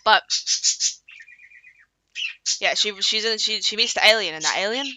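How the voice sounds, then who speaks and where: Bright-voiced streamer rambling through a story. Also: female voice, medium pitch, moderate pace, slight background noise, rough recording. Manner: rambling, profane, lots of fillers.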